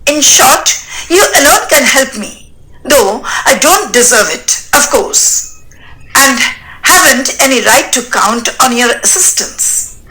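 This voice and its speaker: A jittery young male suitor from a stage play, voiced by a woman reading the part. He is stiffly formal and trips over names and words. The delivery is slow with a bright, lively tone. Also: sits high, exaggerated voice, poor audio. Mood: flustered.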